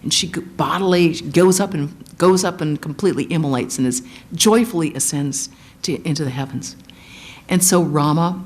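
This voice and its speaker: A woman giving a sermon, retelling an epic as animated storytelling and acting out the quotes. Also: fairly low pitch, moderate pace. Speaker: guest speaker, monastic.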